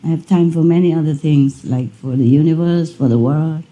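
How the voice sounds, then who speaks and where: A woman's voice: sits low, normal speed, mellow. A woman spiritual teacher giving a conversational lecture, telling a story and laughing often. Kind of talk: lecture to an audience.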